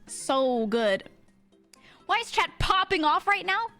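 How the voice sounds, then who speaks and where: Fast-talking, lively woman streamer. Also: soft background music. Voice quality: mid-to-low register voice. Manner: fast, chatty, swears freely, laughs often. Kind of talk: casual chat to a live stream chat.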